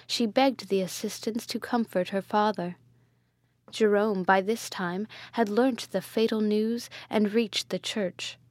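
A woman reading a gothic novel aloud in a measured, dramatic storytelling manner. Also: medium pitch, darkish tone, dry recording.

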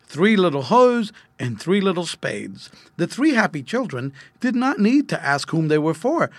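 A man reading an old-fashioned children's story aloud, gentle and expressive. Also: high-pitched, dry recording. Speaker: narrator.

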